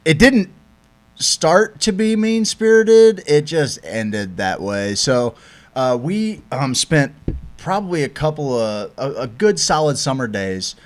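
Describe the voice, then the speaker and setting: A man's voice: on the high side, lively intonation. Rambling man on a podcast. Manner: rambling, halting with fillers, profane. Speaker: podcast co-host. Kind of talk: casual storytelling chat.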